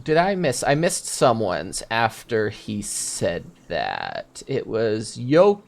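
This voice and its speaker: A game master answers viewer questions in casual chat, thinking aloud, restarting sentences, and drawing examples from his own campaign. His lowish, creaky voice moves slowly with huge pitch swings.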